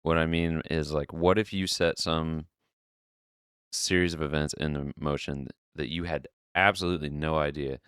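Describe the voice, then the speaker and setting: A man hosting a podcast, chatting casually and reading an online post aloud as an animated storyteller who swears freely. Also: extremely low pitch, normal speed, clear, resonant tone, no echo, studio quality. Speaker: podcast host.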